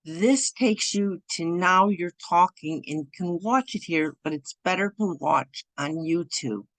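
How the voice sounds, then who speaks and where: A woman's voice: on the low side, dry recording. A woman teaching over Zoom, dry close sound. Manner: loose and halting, with frequent restarts. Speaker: Irish language teacher. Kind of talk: screen-share online lesson. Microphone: computer mic over Zoom.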